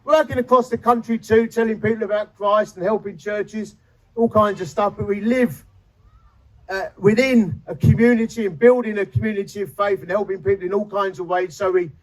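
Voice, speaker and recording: A man's voice: sits high, fairly even intonation, normal speed, poor audio. A man, preaching a sermon and telling his conversion story with feeling and humor. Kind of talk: sermon testimony. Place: chapel.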